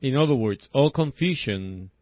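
A man's voice: medium pitch, lively intonation, normal speed, dry recording. A middle-aged man preaching a sermon in a folksy, rhythmic way, often tagging his points with "see?". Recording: dull lo-fi old recording.

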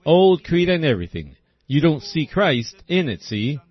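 A man's voice: a little high, very animated, normal speed, slightly rough. A middle-aged man preaching a sermon in a folksy, rhythmic way, often tagging his points with "see?". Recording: dull lo-fi old recording.

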